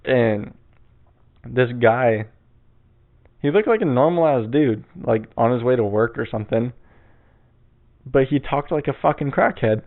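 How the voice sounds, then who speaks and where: A man's voice: mid-range voice, moderate pace, creaky. A young man hosting a casual solo podcast from his bedroom on an old mic, rambling, crude and laid-back. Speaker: podcast host. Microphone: old mic on a stand. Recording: tinny phone-like sound.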